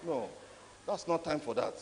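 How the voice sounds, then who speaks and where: A man tells stories at a conference in a high, swooping voice, pressing hard on his points. His talk rings through a big hall with a long echo. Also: moderate pace, gravelly, a little hiss or hum. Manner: animated, emphatic storyteller. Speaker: conference speaker. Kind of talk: storytelling talk. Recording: echoey hall.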